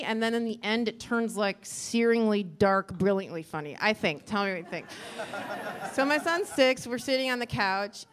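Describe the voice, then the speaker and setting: A woman's voice: medium pitch, clean tone. Rambling woman doing stand-up. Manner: rambling, self-deprecating, acts out quotes. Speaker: stand-up comedian. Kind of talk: stand-up comedy set. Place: comedy club stage with live audience. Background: audience laughter.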